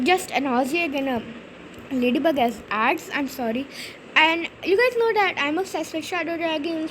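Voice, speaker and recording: Young girl telling a game story, high voice, lots of ums and likes, faint hum behind. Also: a bit bright, poor audio. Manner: chatty, rambling storytelling with many fillers. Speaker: gaming channel host. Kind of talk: casual gameplay commentary.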